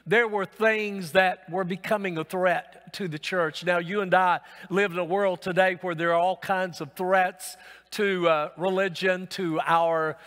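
A male pastor preaching a sermon, unhurried and pausing often with "uh" between phrases, in a church sanctuary. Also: fairly high pitch, a bit bright. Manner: unhurried, with frequent "uh" pauses. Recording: long reverb of a church hall.

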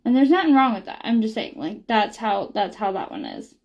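A woman's voice: medium pitch, sing-song, a little fast, gravelly, darkish tone, highs cut off. A young woman talking casually in a vlog, rambling with lots of ums and likes. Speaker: beauty product reviewer.

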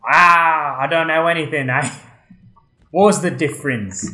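A man chatting casually while playing a game, jokey with excitable outbursts. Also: a little high, measured pace, echoey room, soft background music, poor audio. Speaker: gamer, show regular. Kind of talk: casual gaming chat.

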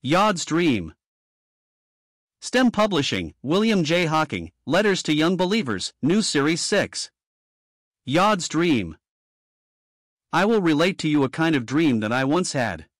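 A man reading a devotional story aloud in measured, earnest first person. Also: on the high side, very animated, dry recording, studio quality. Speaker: audiobook reader.

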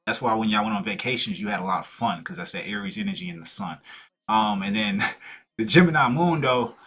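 A man's voice: fairly low pitch, very animated, fairly quick, vocal fry, fairly bright tone, slightly rough. A young man hosting a reaction video, chatting in a laid-back way and laughing often. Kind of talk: casual reaction commentary.

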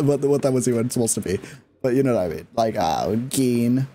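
A man's voice: mid-range voice, a little fast, warm tone. A man giving casual, rambling commentary while streaming a game, restarting his sentences and breaking into laughs.

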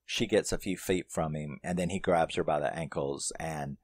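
A man's voice: extremely low pitch, moderate pace, darkish tone, dry recording. A man reviewing a horror film in casual, profane storytelling, retelling its plot scene by scene.

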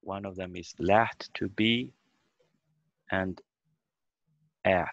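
Speaking extremely slowly in a low, steady, creaky voice with a touch of brightness, a man teaches beginners a language online. He's patient and methodical, breaking words into syllables, and the video call audio is dry, dull, and lo-fi.

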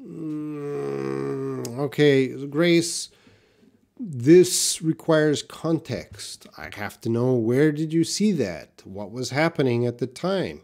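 A man's voice: mid-range voice, lively intonation, takes it slowly, vocal fry, a little mellow. A man teaching English in a live question-and-answer stream, reading out viewers' questions and modeling words for them to repeat.

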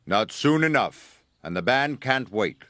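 A man's voice: mid-range voice, big pitch swings, a little slow, fairly bright tone. A man voicing a kindly male railway boss who speaks firmly but apologetically, in a storybook reading.

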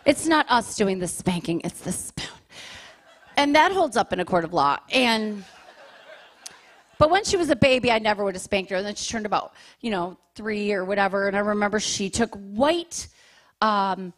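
A woman comedian performing a stand-up routine on stage, animated with deadpan punchlines. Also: mid-range voice, normal speed. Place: church comedy venue on stage.

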